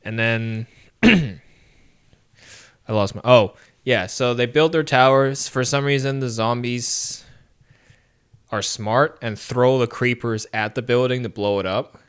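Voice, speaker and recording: Man, podcast co-host, casual movie chat, smooth clear voice, animated. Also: medium pitch, slow pace, long pauses. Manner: animated, laughs often, acts out quotes.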